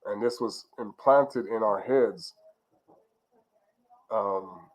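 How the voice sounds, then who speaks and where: A man with a somewhat low-pitched voice gives an informal spiritual teaching. He rambles and restarts his sentences often, fills the gaps with "um" and "you know", and keeps checking in with his listeners. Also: extremely slow, low-quality recording. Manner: rambling, with many fillers and restarts, ending lines with okay?.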